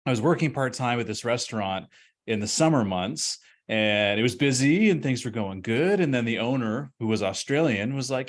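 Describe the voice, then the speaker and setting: A man who owns restaurants, giving a webinar presentation and telling his story in an energetic, conversational way. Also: on the low side, fairly quick. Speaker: restaurant owner and consultant.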